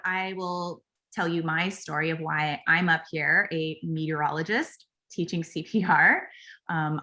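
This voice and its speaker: A woman's voice: on the low side, bright, forceful tone. A woman hosting an online CPR class, speaking in a heartfelt, conversational way over a video call. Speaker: CPR teacher, class host.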